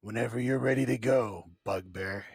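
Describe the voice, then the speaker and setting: A game master voicing a menacing male bandit boss who talks loudly and gloats. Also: lowish voice, normal speed, slightly rough, dry recording. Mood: gloating. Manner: loud and gloating.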